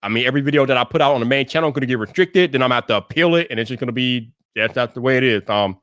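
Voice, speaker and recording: A man hosting his own livestream, talking to viewers in an animated, emphatic way and repeating words when he gets worked up. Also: mid-range voice, rapid-fire, no echo. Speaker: livestream host. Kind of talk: livestream rant.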